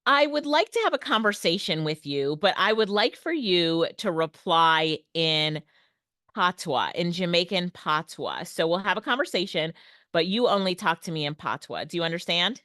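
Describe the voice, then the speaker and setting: A woman's voice: lowish voice, animated, moderate pace, a bit bright, no room sound, studio quality. A woman presenting an online workshop on everyday AI tools, upbeat and laughing often. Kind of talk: online tech lesson. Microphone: headset or desk mic, video call.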